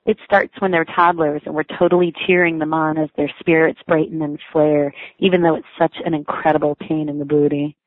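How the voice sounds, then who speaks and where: A woman's voice: low voice, level tone, a little fast, few pauses, no room sound. A woman reading her own personal essay aloud, in a wry, self-mocking, lightly amused way. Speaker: writer reading her own blog entry. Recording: dry, tinny phone-like sound.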